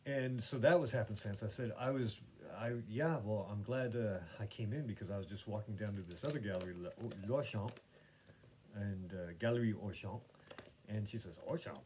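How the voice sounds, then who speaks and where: A man's voice: fairly low pitch, moderate pace, darkish tone, a little hiss or hum. A man hosting his own podcast, chatting casually about painting and gallery visits in a meandering way, full of fillers and restarts. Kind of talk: casual rambling chat.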